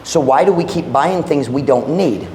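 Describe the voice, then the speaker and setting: Male pastor, higher-pitched voice, emphatic sermon delivery, long church reverb. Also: lively intonation, normal speed, a little mellow. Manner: emphatic, quizzing the congregation with questions. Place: church hall. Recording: echoey church hall with long reverb, faint noise.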